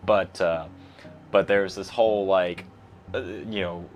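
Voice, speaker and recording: A man's voice: low-pitched, steady tone, slow, faint music behind. A man talking as a guest in a casual chat. He rambles and restarts often, with plenty of fillers. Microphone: lapel mic.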